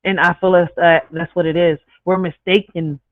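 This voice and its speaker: A woman's voice: fairly low pitch, steady tone, moderate pace, no echo. Chatty woman host on a tinny line. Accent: speaks with an accent. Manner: chatty, swears freely, stumbles and corrects words. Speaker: channel host. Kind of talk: casual talk to viewers. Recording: tinny phone-like dry recording.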